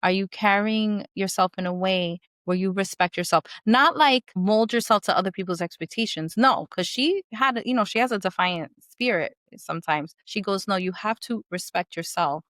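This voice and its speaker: A woman's voice: mid-range voice, normal speed, hardly any pauses, a bit bright, no echo, clean studio sound. A woman, a podcast guest from a Puerto Rican family, telling stories in casual conversation, mixing in Spanish phrases and many fillers.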